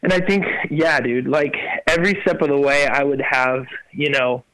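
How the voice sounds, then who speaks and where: A man's voice: mid-range voice, moderate pace, no room sound, rough recording. A young man, a worship musician, telling his story as a guest in a casual chat, full of fillers and acted-out quotes. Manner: animated, lots of fillers, acts out quotes.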